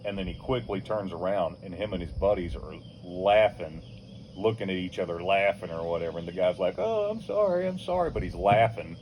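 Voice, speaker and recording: An older man with a lowish voice tells a rowdy story in a loose, casual way. He swears freely, laughs along with his own tale and throws himself into other people's voices. Faint crickets chirp behind him outdoors. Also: fairly even intonation, a little fast, darkish tone, slight background noise. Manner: swears freely, chuckles while telling. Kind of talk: casual anecdote.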